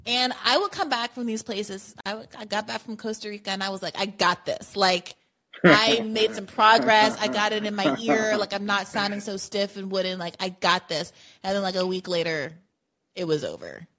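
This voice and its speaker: A woman in her forties hosting a casual podcast conversation. She tells stories in a chatty, easygoing way, often breaking into laughter. Her voice sits at an ordinary pitch. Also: fairly even intonation, normal speed, a bit bright. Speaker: podcast host. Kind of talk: casual chat.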